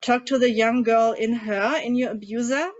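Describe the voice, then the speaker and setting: Woman coach, calm guided instruction, fairly high voice, muffled lo-fi audio. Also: normal speed. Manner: calm, guiding, asks the group questions. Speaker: coach leading a group tapping session. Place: online group session. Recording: dull lo-fi audio.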